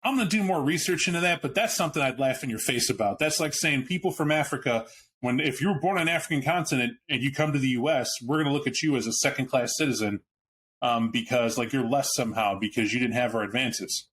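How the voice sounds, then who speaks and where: A fast-talking podcast host with a medium-pitched, somewhat bright voice discusses a tabletop game book, a little hiss or hum audible in the background. He's blunt and casual, swears from time to time, and restarts sentences while thinking aloud.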